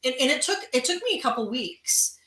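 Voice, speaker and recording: Encouraging female guest, slightly high voice, echoey room sound. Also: animated, fairly quick, pushed and bright. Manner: encouraging, agreeable. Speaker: guest reader. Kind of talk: casual live-stream chat.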